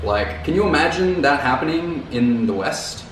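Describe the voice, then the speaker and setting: A man's voice: fairly high pitch, lively intonation, normal speed, fairly bright tone, far from the mic. A man vlogging in a loose, rambling way, repeating words and dropping casual slang. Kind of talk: casual talk to camera. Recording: very echoey room, off mic, faint noise.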